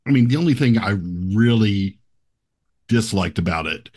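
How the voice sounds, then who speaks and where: A man casually discussing a film, speaking haltingly with restarts and blunt swearing. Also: fairly low pitch, expressive, darkish tone, slightly rough. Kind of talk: casual movie review chat.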